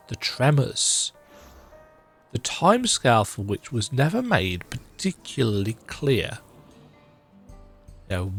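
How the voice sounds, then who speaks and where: A man with a croaky voice giving casual, rambling commentary while playing a story game, often repeating words as he thinks. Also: medium pitch. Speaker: video game reaction host. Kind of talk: casual reaction commentary, reading game dialogue aloud.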